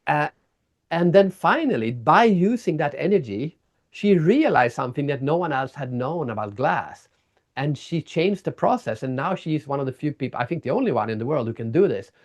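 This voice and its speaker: A man guest in a casual interview, telling stories in an animated way and acting out people's reactions. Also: a little high, moderate pace. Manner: animated storyteller, acts out reactions. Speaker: guest, keynote speaker and author.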